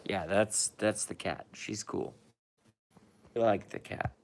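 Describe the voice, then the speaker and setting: A man's voice: fairly low pitch, fairly even intonation, slow pace, creaky, a little hiss or hum. A tired man who has been up all night, chatting casually and profanely on a live stream, rambling and talking to his cat and viewers.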